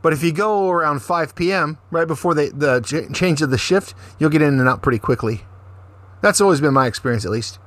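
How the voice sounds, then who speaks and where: A man co-hosting a podcast, telling profane, animated stories in casual chat. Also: a little high, brisk, no echo. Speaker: podcast co-host.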